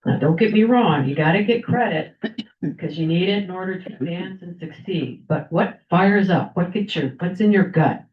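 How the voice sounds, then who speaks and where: Older woman, speech giver at a club meeting, lively storyteller, low-ish voice, dull lo-fi room recording. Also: normal speed. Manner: animated storyteller, acts out quoted people. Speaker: club member giving a speech. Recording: echoey room, dull lo-fi sound.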